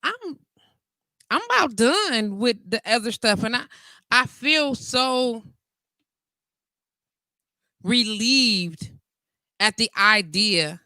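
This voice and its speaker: Animated woman hosting live radio. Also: a little high, drawn-out words, long pauses, no room sound. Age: 40s. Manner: candid, animated, laughs often, reads comments aloud. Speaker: internet radio talk show host. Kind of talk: casual live call-in show chat.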